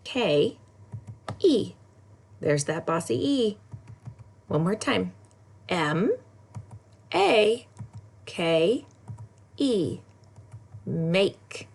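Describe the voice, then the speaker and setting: A woman teaching a recorded lesson for kindergartners, spelling words slowly in a sing-song way. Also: on the low side, gravelly, breathy edge. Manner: slow, sing-song spelling with lively ups and downs. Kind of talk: recorded lesson for young children.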